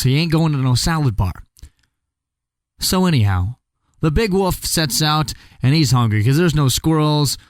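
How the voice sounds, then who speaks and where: A man's voice: fairly high pitch, dry recording. A man telling a fairy tale casually, with chatty, joking asides to the listener. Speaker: storyteller. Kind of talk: casual comic storytelling.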